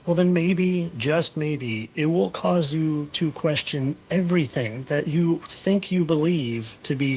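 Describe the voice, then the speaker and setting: A man's voice: on the high side, slight background noise. Sarcastic, insinuating man host, lo-fi. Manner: sarcastic, insinuating, repeats phrases for effect. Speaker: conspiracy video host. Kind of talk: monologue over clips. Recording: dull lo-fi sound.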